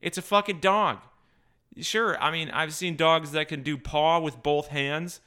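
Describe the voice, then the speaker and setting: A man's voice: a little high, steady tone, unhurried, bright, forceful tone. A man ranting in an exasperated, sarcastic way, swearing constantly and stumbling over restarts when worked up. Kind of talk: profane comic rant.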